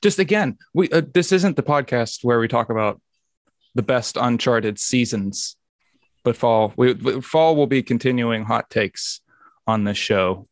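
An easygoing man hosting a casual podcast, in a mid-range voice with a relaxed, slightly rambling delivery. The sound is dry and close. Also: mid-range voice, unhurried, dry recording. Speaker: podcast host.

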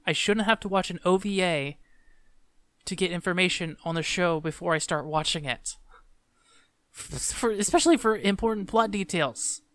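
Podcast co-host, male, smooth dry voice, griping and exasperated. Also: high voice, normal speed, fairly bright tone, dry recording. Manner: ranting, exasperated complaining. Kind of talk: casual chat.

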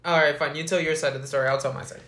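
A man's voice: a little high, steady tone, racing, a bit bright. A man with a slightly raised voice, co-hosting a podcast. He jumps in with crude jokes and playful teasing. His voice rings in an echoey room. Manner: crude joking, teasing interruptions. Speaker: podcast co-host. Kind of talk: casual chat.

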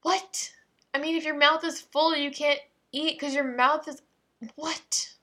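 A woman reads tongue twisters aloud and comments on them, playful and exasperated, often cutting herself off mid-sentence with asides. Her high voice is bright and forceful, level in tone and unhurried.

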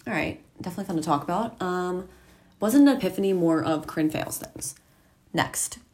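A woman's voice: on the low side, brisk, a little mellow. A teenage girl chatting casually to the camera at home while getting ready at a mirror, rambling and poking fun at herself. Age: teens. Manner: chatty, self-deprecating, rambling asides. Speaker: vlogger.

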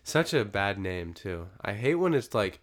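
A man's voice: lowish voice, measured pace. A man co-hosting a casual podcast chat, telling stories with lots of acted-out quoted dialogue. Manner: animated storyteller who acts out quoted dialogue. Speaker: guest co-host.

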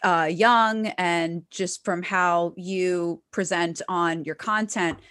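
A woman's voice: fairly low pitch, fairly even intonation, slow, a bit bright. A woman co-hosting a podcast, casually leading into a question for a guest. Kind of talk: casual chat.

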